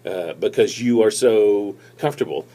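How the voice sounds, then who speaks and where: A man giving casual tips on presenting, talking to a tablet camera in a relaxed, rambling way with many fillers and restarts. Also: fairly low pitch, moderate pace. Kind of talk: casual instructional talk to camera. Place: seated, recording on a tablet. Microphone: tablet's built-in mic.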